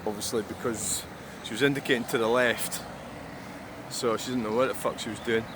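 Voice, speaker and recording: A man's voice: medium pitch, fairly even intonation, brisk. A man rambling and grumbling as he vlogs beside a busy roundabout, swearing freely. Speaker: truck-spotting vlogger. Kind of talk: casual rambling monologue. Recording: outdoor traffic noise. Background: passing cars and trucks.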